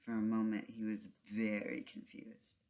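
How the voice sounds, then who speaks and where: A vlogger retelling a story in a soft, halting, emotional way, with trailing phrases and whispered asides. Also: medium pitch, completely flat delivery. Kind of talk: casual spoken vlog retelling.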